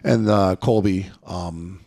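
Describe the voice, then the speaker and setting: A middle-aged man hosting a podcast, telling candid stories in a profane, animated way. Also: low-pitched, slow pace. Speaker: podcast host. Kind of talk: casual conversation, storytelling.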